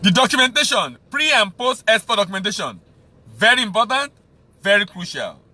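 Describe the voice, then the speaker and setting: Nigerian man, trade instructor, high sharp voice, hammers points home by repeating them. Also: very animated, a little fast. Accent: Nigerian English. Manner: emphatic, repeats key phrases for stress. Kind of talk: teaching talk on export business.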